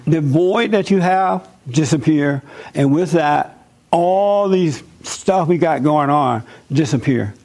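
A man's voice: fairly high pitch, takes it slowly, darkish tone. A man giving an informal sermon in a conversational, folksy way, telling personal stories.

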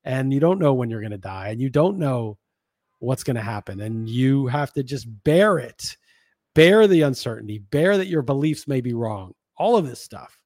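A man hosts his own podcast, thinking out loud in a frank, wandering monologue and swearing casually as he goes. His voice sits at an ordinary middle pitch. The recording is dry and close, with no room sound around him. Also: expressive, normal speed, no echo. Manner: frank, musing, casually profane. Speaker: podcast host. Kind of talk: reflective solo monologue.

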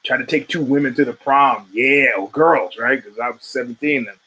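A man's voice: mid-range voice, normal speed, pushed and bright, breathy edge, rough recording. A man in his fifties hosting a podcast, ranting about fight results with lots of profanity and rambling asides. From United States. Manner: emphatic, ranting, profane, digressive. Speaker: podcast host.

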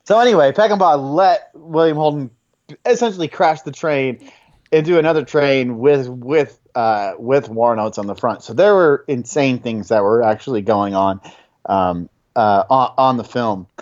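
A man hosting a podcast, telling film production anecdotes in a casual, halting way. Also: medium pitch, darkish tone, dry recording, highs cut off. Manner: anecdotal, many restarts and fillers. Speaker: podcast host.

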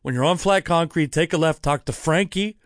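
A man putting on a gruff old Italian-American usher. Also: a little high, dry recording, clean studio sound, pitched above the performer's own voice, natural voice. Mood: bossy. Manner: brisk, bossy directions.

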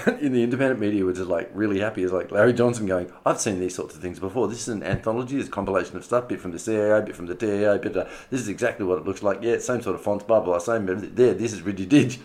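Man, podcast host, low-pitched, casual rambling monologue, frequent laughs, casual swearing. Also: fast, darkish tone. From Australia. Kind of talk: casual monthly review monologue.

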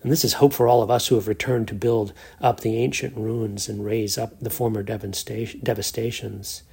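A male preacher delivers a sermon with a rough, fry-edged voice. His tone is slightly breathy, and he talks earnestly, repeating words and phrases to press his points. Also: on the low side, flat delivery, normal speed, a little mellow.

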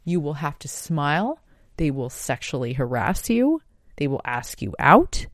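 A woman's voice: sits low, sing-song, measured pace, no echo, studio quality. A woman hosting a podcast, speaking in an earnest, emphatic monologue and swearing now and then for emphasis. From United States. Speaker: podcast host. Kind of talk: impassioned monologue.

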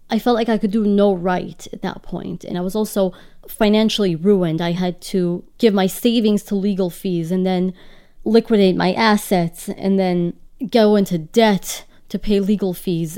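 A woman's voice: mid-range voice, fairly even intonation, measured pace, dark tone, clean tone. A woman telling her personal story as an interview guest, in an earnest, emotional way.

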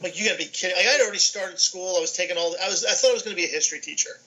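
A middle-aged man from New York, a guest on a video call, telling lively stories and acting out the dialogue in them. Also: high-pitched, racing, rough recording. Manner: animated, acts out dialogue in his anecdotes. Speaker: guest, sports information director. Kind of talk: casual storytelling on a podcast.

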